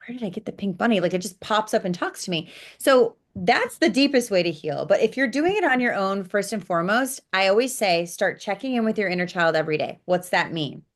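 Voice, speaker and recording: A woman spiritual coach, a podcast guest, telling client stories in an animated, blunt way, swearing casually and acting out quotes. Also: medium pitch, a little fast, hardly any pauses. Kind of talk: interview storytelling.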